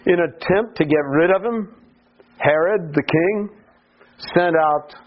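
Slow, expressive preacher on dull radio audio. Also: male voice, fairly high pitch. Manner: slow, deliberate preaching, rising to pleading cries on quoted psalms. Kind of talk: sermon.

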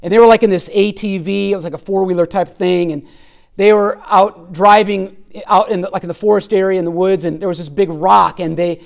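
A man's voice: steady tone, fairly quick, vocal fry. Earnest man preaching a sermon. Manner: earnest, emphatic, voice drops low and soft at key points. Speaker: pastor.

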